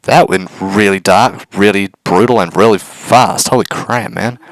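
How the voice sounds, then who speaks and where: A man reading a visual novel aloud for a video and reacting loudly, swearing in shock. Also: lowish voice, unhurried, no echo, rough recording. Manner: excitable, swears, shouts in shock. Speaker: gaming video host.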